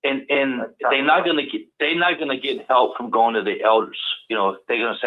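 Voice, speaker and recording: A man with a Cajun Southern accent, a guest on a call-in show, talking in halting bursts full of repeated words. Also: medium pitch, fairly even intonation. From Louisiana, US South. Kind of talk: casual call-in talk. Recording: tinny phone-line audio.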